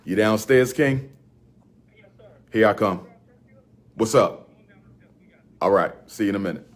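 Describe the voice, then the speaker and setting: A man's voice: on the low side, takes it slowly. A man from Philadelphia speaking straight to his audience, with a preacher-like fire, repeating his announcements and event details like a chant. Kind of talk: impassioned direct-to-camera address.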